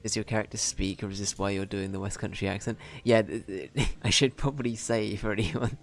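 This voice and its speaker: A man's voice: fairly low pitch, fairly quick, creaky. A man streaming a game, chatting casually in a rambling, self-deprecating way. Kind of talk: casual live commentary.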